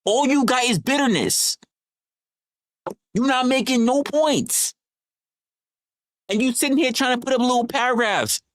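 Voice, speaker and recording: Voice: high voice, measured pace, long pauses, dry recording, studio quality. A livestream host scolding a viewer in a profane, repetitive, heated rant.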